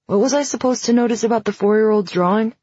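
A woman reading the lines of a teasing, sarcastic young man in an audiobook, in a slightly breathy voice. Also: high-pitched, fast, darkish tone, no room sound, muffled recording.

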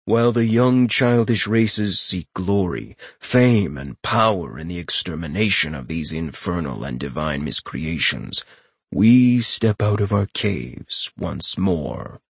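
A man voicing a rasping, ancient voice of an elder race, speaking in slow, grave pronouncements. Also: deep voice, lively intonation, dry recording, voice pushed down, heavily acted.

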